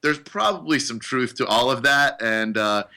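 A man's voice: mid-range voice, lively intonation, moderate pace, pushed and bright, low-quality recording. A middle-aged man hosting a casual radio interview, easygoing and hesitant, with many fillers. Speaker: radio host.

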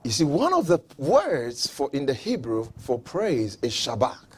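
A man preaching a sermon who acts out mocking onlookers and builds up to fervent shouting. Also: medium pitch, sing-song, measured pace, husky.

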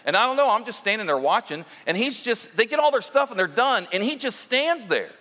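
A man's voice: high voice, big pitch swings, fairly quick, pushed and bright, in a large hall. A man preaching as lead minister, mixing stories with direct talk to the congregation in a conversational sermon.

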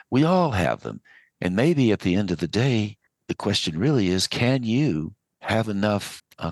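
Low-voiced man hosting a radio interview. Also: no echo. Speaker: radio host.

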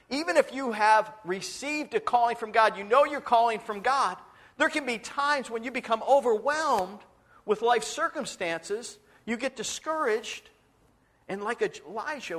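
A man's voice: extremely high pitch, lively intonation, moderate pace, a bit bright. A male pastor preaching a sermon, telling stories dramatically and acting out the voices, sometimes dropping to a whisper.

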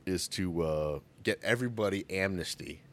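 A man's voice: low voice, normal speed, slight background noise. A man co-hosting a podcast, chatting casually about a movie, joking and acting out quotes in raised voices. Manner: animated, jokey, acts out quotes in raised voices. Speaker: podcast co-host.

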